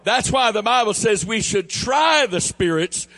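A man with a Southern US accent preaching a sermon, emphatic and building to near shouts, then easing into quieter storytelling. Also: high-pitched, lively intonation, a little slow. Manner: emphatic, rising to near shouts on key phrases; drops into a quieter storytelling tone for anecdotes.

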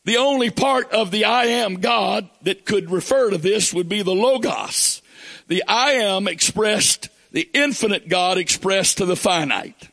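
A man delivering a fervent sermon in a notably high voice. His tone is gravelly and breathy-husky, and he reads scripture aloud between passages of explanation that build into shouts. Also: a little slow. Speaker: preacher.

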